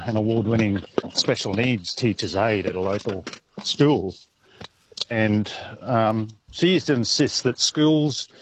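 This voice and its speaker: A man's voice: mid-range voice, low-quality recording. A middle-aged Australian man, a truck driver, calling in to radio and telling a story in an easygoing way.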